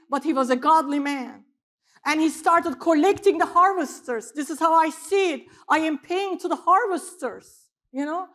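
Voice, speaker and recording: With a high voice, this middle-aged woman delivers her sermon in a vivid storytelling style, alternating booming emphasis with soft side remarks as a pastor.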